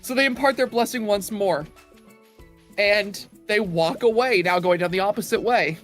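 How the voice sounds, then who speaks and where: A man who runs tabletop games tells a story from one of his sessions in a lively, casual way, building up to each punchline. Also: sits high, normal speed, faint music behind. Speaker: tabletop game master. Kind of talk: casual storytelling over voice chat.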